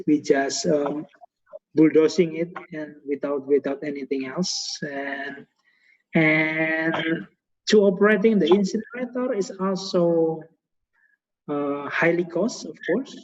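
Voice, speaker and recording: A man's voice: fairly high pitch, a little slow. A man with an Indonesian accent hosting a webinar, speaking hesitant English with many fillers and repeated words. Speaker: host of a guest lecture webinar. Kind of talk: hesitant conversational English on a video call. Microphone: video call. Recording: echoey, muffled video call audio.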